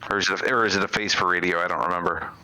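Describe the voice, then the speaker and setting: A man's voice: sits low, steady tone, racing, pushed and bright. A man co-hosting a live game stream, joking and self-deprecating in casual chat. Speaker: stream co-host and commentator. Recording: faint music behind.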